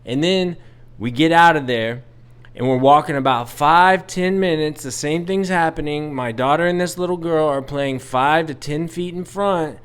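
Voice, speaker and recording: A man's voice: on the high side, normal speed, clear, resonant tone. A man, bluntly venting as he tells a story in a casual vlog. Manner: exasperated, venting, blunt with swearing. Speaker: vlogger.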